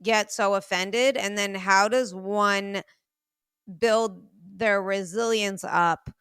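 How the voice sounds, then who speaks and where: A woman hosting a podcast, chatting casually and telling lively stories that quote herself and others. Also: mid-range voice, slow pace, clean tone, no echo. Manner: animated storyteller who quotes herself. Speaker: podcast host. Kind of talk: casual conversational interview.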